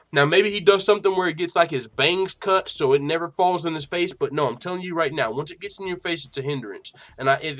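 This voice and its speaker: A man's voice: a little high, fairly bright tone. A slightly tipsy man hosting a live fight reaction stream, rambling and swearing in casual, boastful talk. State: a little tipsy. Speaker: livestream host reacting to fights.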